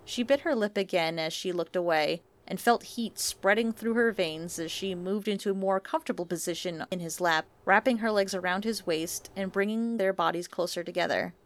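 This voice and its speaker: A woman's voice: medium pitch, normal speed, few pauses. Woman reading a romance story aloud. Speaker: narrator.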